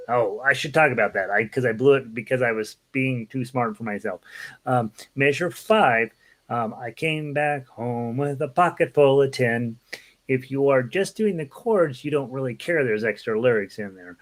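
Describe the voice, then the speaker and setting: A man teaching a casual online ukulele lesson, relaxed and chatty, counting beats aloud and singing lines along as he plays. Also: medium pitch, normal speed, faint music behind. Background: ukulele playing.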